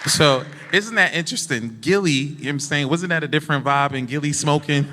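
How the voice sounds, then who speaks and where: A man's voice: on the high side, brisk, big-room sound, crowd noise, background noise. A man hosting a podcast interview, reacting with playful, hyped interjections and asking about business. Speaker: podcast host. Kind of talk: casual interview.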